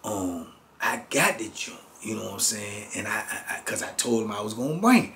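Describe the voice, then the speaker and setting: A man's voice: fairly low pitch, sing-song, brisk, fairly bright tone, slight background noise. A middle-aged man and former prisoner, telling a prison story in an interview and filling his lines with street slang and "man". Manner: street slang, peppers lines with "man" and "you know what I'm saying".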